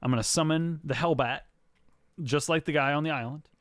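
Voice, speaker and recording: A man's voice: a little high, fairly quick, a bit bright, no room sound, clean studio sound. A man co-hosting a podcast, telling a story in a rambling, laughing way. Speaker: podcast co-host. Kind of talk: casual chat.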